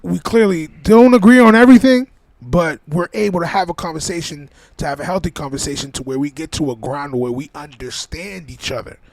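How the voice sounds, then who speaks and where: A man's voice: a little high, a little fast, dry recording. A man co-hosting a podcast, chatting casually, joking around and laughing, then giving earnest advice. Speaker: podcast co-host. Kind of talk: casual chat.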